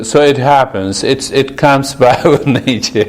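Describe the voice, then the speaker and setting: A man leading a stress management session, talking slowly in a casual way and often laughing. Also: mid-range voice. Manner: slow, laughing often, friendly teasing. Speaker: meditation teacher. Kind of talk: casual group session talk.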